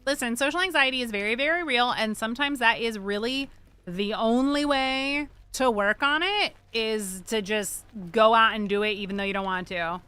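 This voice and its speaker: A woman's voice: on the high side, moderate pace, sharp tone, smooth. A young adult woman livestreaming a game, chatting casually in a rambling, joking way and swearing freely. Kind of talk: casual chat while gaming.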